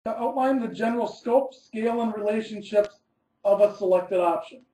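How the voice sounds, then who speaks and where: A man's voice: sits high, moderate pace, dark tone, roomy sound, slight background noise, poor audio. A man, an architect, giving a scripted webinar presentation, reading methodically through numbered steps and stressing key words.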